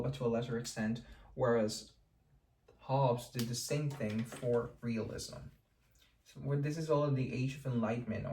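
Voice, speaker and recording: A man's voice: mid-range voice, a little mellow, slight background noise. A man hosting a casual explanatory history lesson, chatty and digressive, who breaks off for joking asides and corrects himself as he goes. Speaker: history lecturer and channel host.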